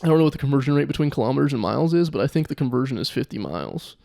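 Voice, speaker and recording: A man's voice: mid-range voice, lively intonation, very fast, gravelly, dark tone, no echo. A young man hosting a comedy podcast, rambling and joking in casual chat and laughing at his own jokes. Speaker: podcast host.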